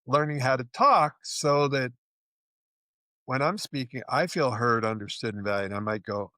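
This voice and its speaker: Man, relationship coach, earnest explainer, acts out dialogue, mid pitch, dry sound. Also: moderate pace, sharp tone, no echo. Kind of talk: conversational podcast interview.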